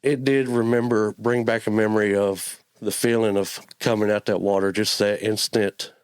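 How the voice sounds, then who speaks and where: A man with a drawl shares his faith story in an earnest, halting way, often stumbling over and repeating his words. His voice sits fairly low and he sounds close to tears. It is heartfelt testimony, told as an interview guest. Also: fairly even intonation, clear, resonant tone. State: emotional, near tears. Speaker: church member guest.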